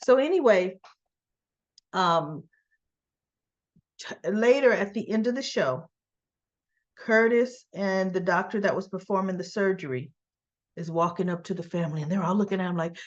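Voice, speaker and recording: A woman's voice: lowish voice, moderate pace, long pauses, muffled recording. A woman reviewing a soap opera in a casual, chatty recap, talking animatedly and acting out the characters' lines.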